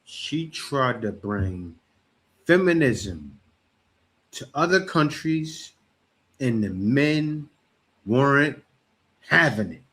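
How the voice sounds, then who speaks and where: A man hosting a reaction commentary, talking in a mocking, animated way. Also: mid-range voice, very slow, long pauses. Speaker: commentator host.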